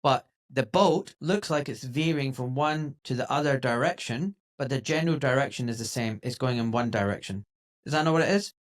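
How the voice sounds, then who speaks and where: A man hosting a podcast in casual conversation, talking emphatically and getting animated when he mimics other people. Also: medium pitch, a little fast. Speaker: podcast host.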